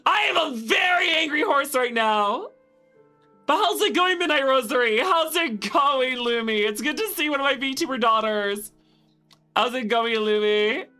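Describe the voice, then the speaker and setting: Bright-voiced woman streamer, loud outbursts. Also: high voice, animated, measured pace, soft background music. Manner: loud, exasperated, swearing outbursts. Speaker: VTuber streamer. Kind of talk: gaming livestream commentary.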